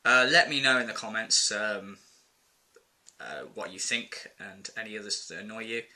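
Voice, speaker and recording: With a fairly low, sharp-toned voice at a moderate pace, this vlogger rambles through an exasperated rant to camera. He uses lots of fillers and mimics others by quoting them in put-on voices.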